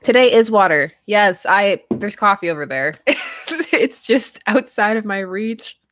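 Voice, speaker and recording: A woman's voice: mid-range voice, expressive, unhurried, a bit bright. Laughing young woman on a livestream. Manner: chatty, laughs often, trails off and restarts. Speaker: streamer. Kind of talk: casual livestream chat reading viewer comments.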